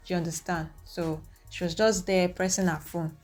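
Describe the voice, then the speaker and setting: Young woman, animated opinionated vlog recap, faint music behind. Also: lowish voice, moderate pace. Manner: animated, opinionated retelling with acted quotes. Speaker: reaction vlogger. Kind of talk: casual recap talking to viewers.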